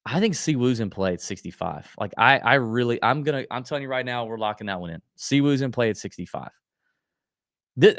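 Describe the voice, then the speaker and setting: A man's voice: mid-range voice, dry recording, clean studio sound. A man hosting a golf betting show, thinking aloud in a casual, rambling way with lots of restarts. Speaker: golf betting podcast host. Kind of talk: casual solo betting analysis.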